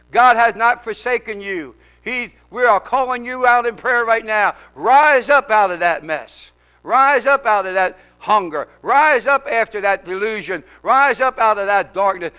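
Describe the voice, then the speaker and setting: A man's voice: high-pitched, pushed and bright, clear, resonant tone, poor audio. A male preacher leading a congregation in prayer in an auditorium, fervent, with rhythmic, repeated calls.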